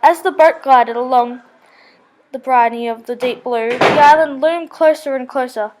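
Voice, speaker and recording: A woman's voice: sits high, moderate pace, background noise. A woman reading a children's story aloud, with small slips and self-corrections.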